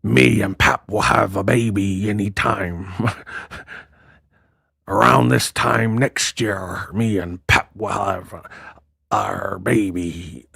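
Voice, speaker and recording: A man growling as a gruff cussing female pirate. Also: lowish voice, fairly even intonation, a bit bright, no room sound, clean studio sound, pitched below the performer's own voice, full character voice. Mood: mock gruff. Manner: growled drawn-out pirate talk.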